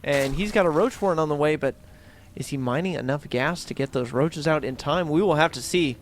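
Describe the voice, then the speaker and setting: Male esports caster, higher voice, quick excitable play-by-play, faint hiss behind. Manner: quick, excitable, rises on big plays. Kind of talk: play-by-play commentary.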